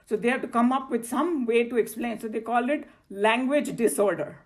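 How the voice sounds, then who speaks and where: A woman's voice: a little high, normal speed, hardly any pauses. A woman with an Indian accent teaching a scripture class in a chatty, loose way, telling personal stories. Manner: chatty, loose phrasing, slips into Hindi.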